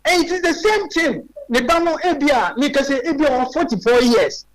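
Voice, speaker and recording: A Ghanaian man in his forties, a radio talk show guest, speaks in an extremely high-pitched, animated voice at a fairly quick pace. He makes his case emphatically, firing off rhetorical questions. The recording is rough.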